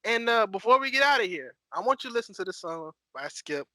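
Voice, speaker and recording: A man's voice: sits high, very animated, quick pace, bright, forceful tone, no echo. A man hosting a podcast, asking questions in easygoing casual chat. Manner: easygoing, short prompts. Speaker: podcast host.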